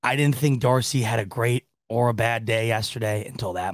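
A man's voice: mid-range voice, moderate pace, hardly any pauses, dry recording, clean studio sound. Laughing, rambling sports podcast man. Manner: rambling, laughing, exasperated restarts. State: laughing to tears. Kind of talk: casual sports reaction talk.

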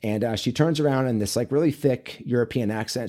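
A man's voice: medium pitch, fairly quick, few pauses, warm tone. A man who is a men's coach and author, guest on an interview show, telling stories in a casual, earnest, rambling way.

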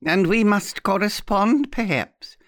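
A man's voice: high voice, expressive, takes it slowly, fairly bright tone, no echo, studio quality, voice pushed up, full character voice. A man voicing a sly, overbearing old woman in an audiobook, teasing and imperious. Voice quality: mocking, croaky. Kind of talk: audiobook character voice.

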